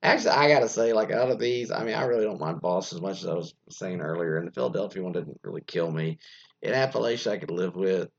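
A man's voice: deep voice, animated, quick pace, vocal fry. A man hosting a radio show, rambling casually, often interrupting himself and swearing freely as he comments on what he reads. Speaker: show host. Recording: dull lo-fi recording.

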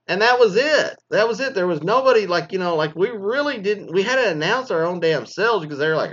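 A man's voice: a little high, very animated, quick pace, a bit bright, highs cut off. A man who used to teach, ranting casually about school graduations, swearing a lot and rambling with mocking asides. He is from Texas. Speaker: former teacher. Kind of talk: casual profane rant.

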